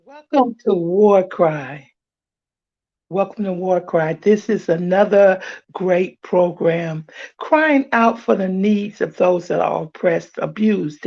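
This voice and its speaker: Loud, preaching podcast host man. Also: high-pitched, gravelly, breathy edge, dull audio. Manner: loud, emphatic, church-like delivery. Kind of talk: preaching-style announcement.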